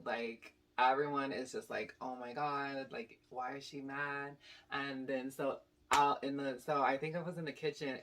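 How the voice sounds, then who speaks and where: A young woman telling a casual storytime to her channel, animated and rambling with lots of "like" and "basically". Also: a bass voice. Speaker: YouTube storyteller.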